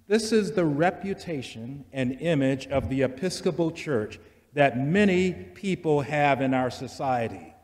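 A man delivers a sermon at an unhurried pace, his slightly raised voice carrying through a long church echo. He builds steady litanies line by line, deliberate and measured. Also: fairly high pitch. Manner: slow, deliberate preaching with rising repeated litanies. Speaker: preacher.

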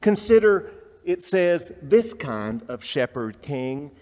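A male pastor delivering a reflective, story-driven sermon, dropping soft for tender passages. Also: a little high, big pitch swings, takes it slowly, in a large hall.

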